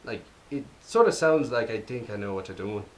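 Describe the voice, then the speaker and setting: A young American man co-hosting a podcast in casual chat, rambling and jokey, often trailing off quietly. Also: lowish voice, lively intonation, brisk. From United States. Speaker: podcast co-host.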